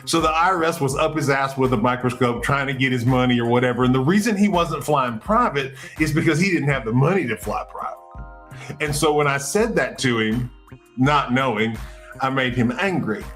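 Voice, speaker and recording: A male podcast host telling a story casually, in an animated way, acting out what people said. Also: normal speed, soft background music. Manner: animated, acts out quotes with big pitch jumps.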